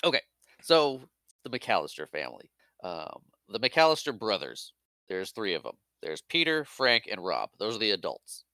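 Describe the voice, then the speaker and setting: Man, podcast co-host, relaxed and chatty, low-pitched, dry close-mic sound. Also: moderate pace, dry recording. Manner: easygoing, laughs often, lists facts. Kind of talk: casual movie discussion.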